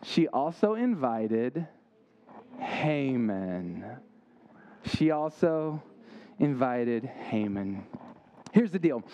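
A man's voice: a little high, mellow, slight background noise. A young man giving an interactive sermon, quizzing his listeners and making playful asides. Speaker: youth camp speaker.

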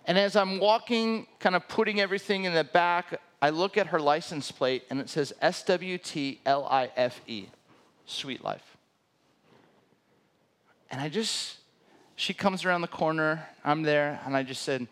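A man's voice: fairly high pitch, measured pace, fairly bright tone. A man in his thirties preaching a sermon as a pastor, telling a personal story and acting out the quoted dialogue.

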